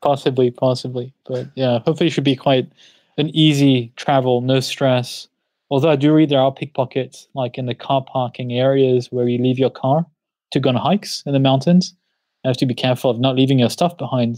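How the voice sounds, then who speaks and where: Guy with a background rattling off holiday plans fast, laughs a lot, dry close sound. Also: mid-range voice, fairly even intonation, dark tone, dry recording. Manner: quick-talking, laughs often, self-deprecating. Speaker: podcast co-host. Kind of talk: casual chat.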